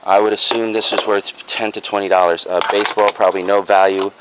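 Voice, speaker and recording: A man's voice: lowish voice, flat delivery, fast talker. A man casually showing off his secondhand finds in a video, rambling and frank, with plenty of ums and uhs. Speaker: reseller vlogger. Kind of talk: casual show-and-tell haul video. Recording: lo-fi home video with clear background noise.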